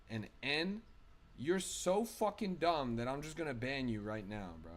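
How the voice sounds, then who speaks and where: Angry swearing streamer guy yelling at chat, voice swings all over, talks slow. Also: mid-range voice, animated. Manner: angry, profane, ranting. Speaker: live streamer. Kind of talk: live stream rant to chat.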